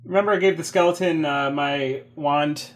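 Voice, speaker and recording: A man's voice: on the high side, normal speed. A man playing a tabletop game, casual and easily amused. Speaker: player.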